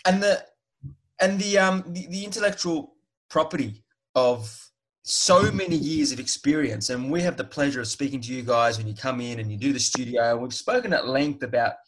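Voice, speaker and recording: A man's voice: mid-range voice, normal speed, low-quality recording. A man hosting a podcast, asking long, rambling questions with frequent restarts in a chatty way. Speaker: podcast host. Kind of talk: conversational interview.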